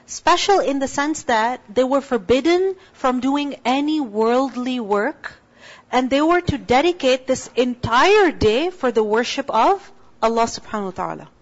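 A woman's voice: high voice, animated, a little slow. A woman teacher giving a Quran class lecture, reciting Arabic and translating it, explaining patiently and asking the class questions, on a dull lo-fi recording.

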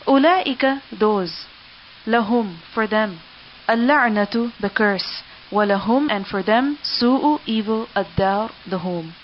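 A woman's voice: medium pitch, very fast. A woman teaching a scripture lesson, reading each word and then giving its meaning. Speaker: Quran teacher. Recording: dull lo-fi recording with faint hiss.

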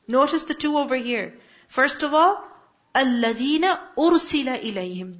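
A woman's voice: high voice, lo-fi sound. A woman giving a Quran lesson, explaining Arabic words one by one and asking her listeners rhetorical questions. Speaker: Quran teacher. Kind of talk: religious lesson on Quranic verses.

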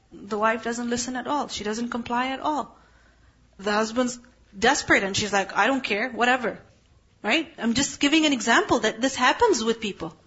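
Brief: woman religious teacher, high breathy voice, explains step by step and keeps asking if listeners follow. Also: fairly bright tone, lo-fi sound. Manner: explanatory, checks in with rhetorical questions. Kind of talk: Quranic explanation lesson.

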